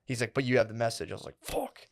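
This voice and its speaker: A man's voice: medium pitch, fast talker, gravelly. A man co-hosting a comedy podcast, telling a long story in a loose, rambling way, with "like" and "dude" in every phrase and plenty of swearing.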